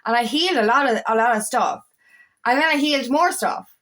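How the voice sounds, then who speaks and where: A woman's voice: fairly high pitch, a little fast, a bit bright. A woman, an empowerment coach, talking candidly and emphatically, swearing often and sometimes raising her voice. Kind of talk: candid personal monologue.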